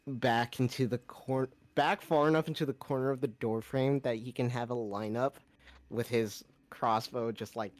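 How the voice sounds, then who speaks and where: A man's voice: mid-range voice, fairly even intonation, normal speed. A man playing a tabletop game, talking playfully and laughing. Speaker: player. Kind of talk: tabletop role-play chat.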